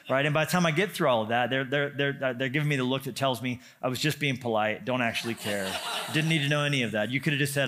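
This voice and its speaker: Male pastor, mid pitch, from the western US, reads scripture and prays, then tells lively self-deprecating stories. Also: quick pace, slight background noise. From western United States. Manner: animated storytelling with self-deprecating humor. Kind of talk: sermon with scripture reading and prayer.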